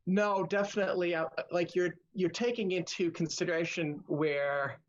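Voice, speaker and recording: A man, a comedy writer, talking haltingly and laughing easily in a casual video-call chat. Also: sits high, steady tone. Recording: dull lo-fi video call audio.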